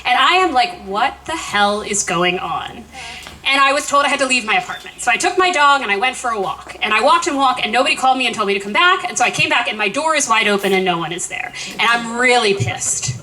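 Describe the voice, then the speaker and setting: Woman in her forties, bright voice, slightly high, chatty memorial storyteller. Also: quick pace, few pauses, rough recording. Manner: lively, chatty, self-deprecating storyteller. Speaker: eulogist.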